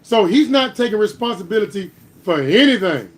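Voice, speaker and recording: This political commentary host has a strikingly high, sing-song voice and talks fairly quickly. He argues emphatically, building heat into louder bursts and pinning each point with a pointed "All right?"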